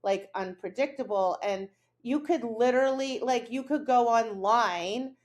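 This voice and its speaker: A woman's voice: fairly high pitch, measured pace. A middle-aged woman co-hosting a podcast, explaining dog training in a casual chat and acting out her own lines and her dog's reactions.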